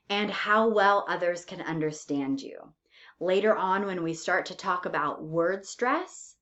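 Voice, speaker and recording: A woman's voice: mid-range voice, lo-fi sound. A woman teaching an English pronunciation lesson, patiently checking in with "okay?" and "right?" after each point.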